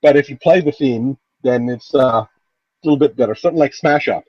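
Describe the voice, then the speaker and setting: A man's voice: medium pitch, a little fast, slightly rough, no room sound, lo-fi sound. A man chatting easygoing as a guest, laughing lightly between points. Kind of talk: casual chat.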